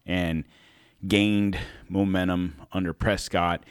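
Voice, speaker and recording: A man's voice: low-pitched, level tone, slow, smooth, no room sound. A man hosting a podcast in a casual, rambling monologue, laughing and correcting himself as he goes. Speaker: podcast host.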